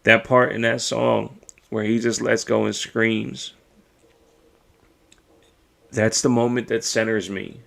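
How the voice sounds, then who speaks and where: A man's voice: lowish voice, flat delivery, slow, creaky, long pauses, fairly bright tone. A man hosting a podcast, speaking alone in a raw, emotional and profane way as he thinks aloud. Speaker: podcast host. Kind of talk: personal monologue.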